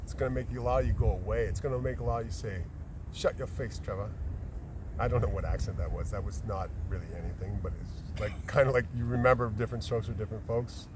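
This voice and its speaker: A man's voice: lowish voice, quick pace. A man being interviewed as a council candidate in casual outdoor chat, talking in a jokey, rambling way. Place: outdoors on a bluff by the lake. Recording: distant mic outdoors with ambient noise.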